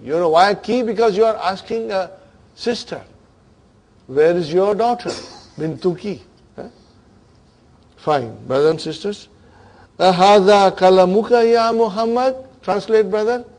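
A man's voice: high-pitched, unhurried, pauses often, darkish tone. A man teaching a grammar class, questioning his students and checking in with them often.

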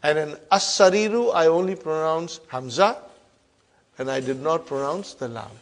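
A man's voice: on the high side, moderate pace. Emphatic male Arabic grammar teacher. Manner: repetitive call-and-response drilling, frequent check-ins; emphatic, loud rises on key terms then soft drops. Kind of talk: classroom lesson.

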